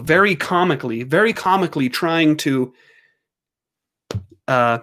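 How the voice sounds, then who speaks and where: A man hosting a livestream, telling a casual story at home in an animated way, laughing and doing squeaky voices for his dogs. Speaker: livestream host.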